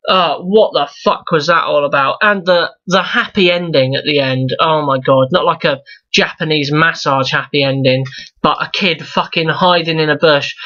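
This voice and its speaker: Young guy swearing thru a tv review rant, sharp bright voice, muffled lo-fi mic. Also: high-pitched. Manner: profane, exasperated, rambling with restarts. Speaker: YouTube reviewer. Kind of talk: ranting TV review vlog.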